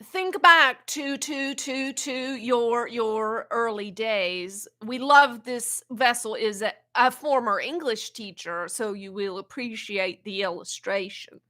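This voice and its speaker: A woman channeling an ancient wise spirit in a spiritual teaching talk, speaking slowly and haltingly and often repeating words. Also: fairly high pitch, sharp tone. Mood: calm teaching. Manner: slow, halting, repeats words while searching.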